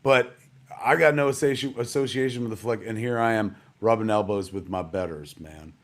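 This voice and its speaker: A man's voice: lowish voice, a little fast. A middle-aged man hosting a live stream from home in a rambling, jokey casual way, calling everyone "man" and "kids".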